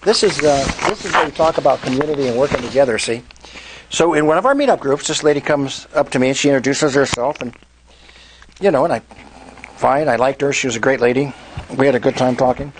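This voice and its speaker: At a live real estate meetup, a man with a mid-range voice speaks quickly, telling animated stories and asking the room questions. The recording is low quality, with slight background noise.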